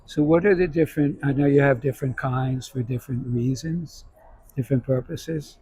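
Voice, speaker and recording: A man's voice: mid-range voice, moderate pace, warm tone, breathy edge, no echo, low-quality recording. A man interviewing a guest, asking easygoing prompting questions.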